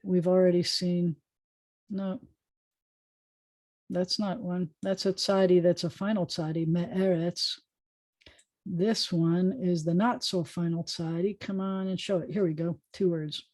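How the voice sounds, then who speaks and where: A woman rabbi teaching an informal online Hebrew class over a video call, chatty and joking as she sounds out words slowly. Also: lowish voice, level tone, darkish tone, dry recording.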